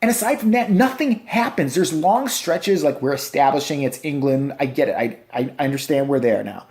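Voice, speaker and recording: A man's voice: fairly high pitch, lively intonation, normal speed, a little mellow. Sarcastic, profane male movie reviewer. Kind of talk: casual ranting movie review. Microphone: handheld camera.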